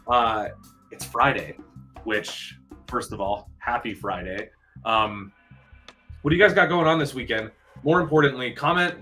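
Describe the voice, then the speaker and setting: A man hosting a live movie news stream, chatting excitedly with viewers and answering their comments. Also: medium pitch.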